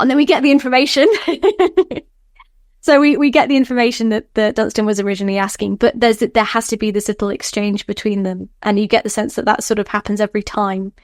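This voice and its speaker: A woman scholar, a podcast guest, explaining in an animated way, laughing often and acting out quotes. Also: mid-range voice, fairly quick, no echo, studio quality. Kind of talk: podcast interview.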